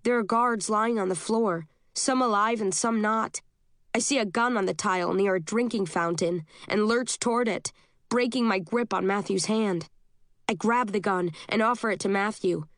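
Woman, audiobook narrator, first-person novel, steady measured reading, dry sound. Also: medium pitch, no echo.

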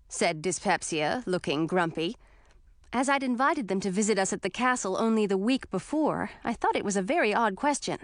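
A woman narrating a first-person fantasy audiobook in a clear, expressive storytelling voice. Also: mid-range voice, moderate pace, no room sound, studio quality.

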